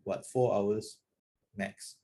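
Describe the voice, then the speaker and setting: A Singaporean man hosting a podcast, chatting casually with a halting, restarting delivery. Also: fairly low pitch, fairly even intonation, creaky, dark tone, breathy edge. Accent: Singaporean English. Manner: halting, many restarts and laughs. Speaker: podcast host. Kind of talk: casual chat.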